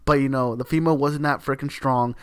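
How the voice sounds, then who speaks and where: A man's voice: medium pitch, fairly even intonation, quick pace, a bit bright, clear, resonant tone, no echo. Heated ranting man, dry close sound. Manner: heated, repetitive, swears often, leans on "literally". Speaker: video creator. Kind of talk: opinion rant to camera.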